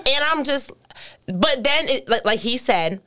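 A young woman co-hosting a casual group chat, who leans on "like" and builds her points slowly. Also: sits high, expressive, sharp tone.

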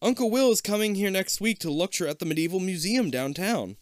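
A man voicing a middle-aged dad who hams up a fake British accent in a loud, singsong, theatrical way. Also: high-pitched, animated, fairly quick, no echo, clean studio sound, voice pushed up. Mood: explaining.

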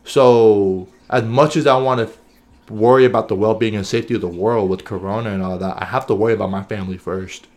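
Fairly quick and steady, with a fairly low, darkish voice, this podcast co-host talks casually and earnestly, thinking out loud and repeatedly asking "right?" and "you know what I'm saying?"

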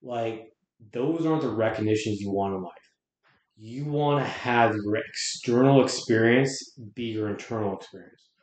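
A male podcast guest with a mid-range voice speaks at normal speed in casual conversation, earnest and reflective, often restarting his sentences. The recording has a roomy echo.

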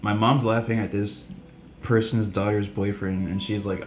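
Low-voiced young man telling rambling stories. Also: level tone, normal speed, soft background music. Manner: rambling storyteller, restarts, laughs. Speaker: podcast co-host. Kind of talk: casual chat. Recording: echoey room.

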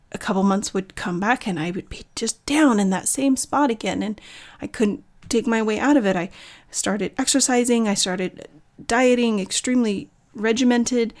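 A woman in her thirties talks openly and earnestly, telling her own story in a reflective monologue. She often stumbles and restarts mid-sentence, in a mid-pitched voice. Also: a little mellow. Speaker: author sharing personal story. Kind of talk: candid personal monologue.

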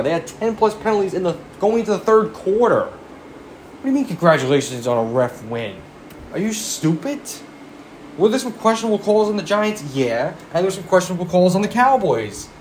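A man's voice: high voice, slight background noise. A man giving a profane, exasperated sports rant as a fan commentator, firing off rhetorical questions.

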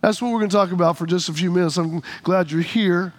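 A man's voice: sits high, fairly even intonation, fast. A man preaching a sermon as a pastor, in a conversational, humorous storytelling way.

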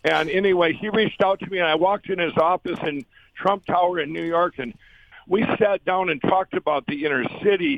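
A man telling his story as an interview guest, earnest and rambling, acting out quoted voices. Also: no echo. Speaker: guest, company founder. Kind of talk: conversational storytelling. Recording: dull, dry low-fi sound.

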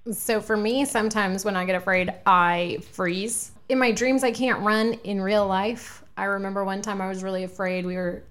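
Middle-aged woman, podcast host, chatty and quick to laugh. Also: mid-range voice, fairly even intonation, a bit bright. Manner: chatty, laughs often, asks questions. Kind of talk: casual family podcast chat.

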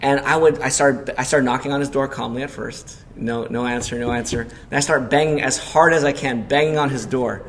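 Guy pastor preaching, chatty and conversational, asks the room stuff, mid pitch. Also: fairly even intonation, fairly quick, hardly any pauses, slight background noise. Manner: storytelling with loud acted panic in quotes; conversational, asks the congregation questions. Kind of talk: sermon.

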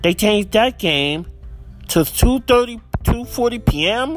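Exasperated podcast host, high and animated voice, ranting and repeating himself. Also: male voice, a little slow, soft background music. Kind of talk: solo football picks rant.

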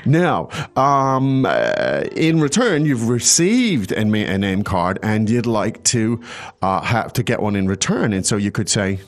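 A man hosting a language lesson who explains phrases patiently, in an animated, chatty way. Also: lowish voice, a little slow.

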